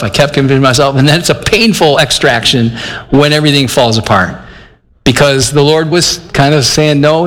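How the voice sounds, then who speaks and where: A man's voice: medium pitch, fairly bright tone. An older man from Michigan preaching a conversational sermon, earnest and plainspoken, acting out his own inner dialogue as he talks. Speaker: pastor. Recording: long hall reverb.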